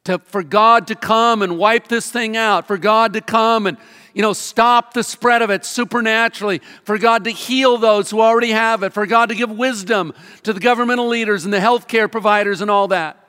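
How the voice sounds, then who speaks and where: A middle-aged man preaching a sermon as pastor, earnest and encouraging, slowing down to stress key words. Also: sits high, fairly even intonation, sharp tone, clear, resonant tone. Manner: earnest, encouraging, slows for emphasis. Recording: long reverb of a large hall.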